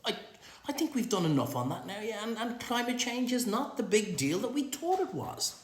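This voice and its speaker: A man's voice: high voice, sing-song, moderate pace, pitched above the performer's own voice. A man voicing a flustered billionaire who hesitates and stammers, sounding sheepish. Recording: roomy echo.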